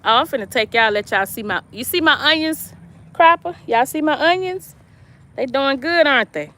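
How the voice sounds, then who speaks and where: A woman's voice: high-pitched, animated, moderate pace, pushed and bright. Lady chatting on a phone live from the yard, laughs a lot, reads out comments. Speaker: vlog host. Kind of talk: casual live-stream chat. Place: outdoors in a yard.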